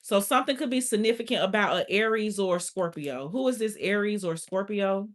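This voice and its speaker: A woman's voice: mid-range voice, brisk. A woman giving a casual spoken tarot reading, blunt and profane, with constant filler "like". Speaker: tarot reader.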